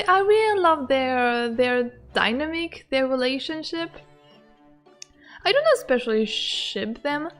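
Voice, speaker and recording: Giggly, high-voiced woman streamer. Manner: excitable and giggly, with playful squeals. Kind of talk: casual game commentary.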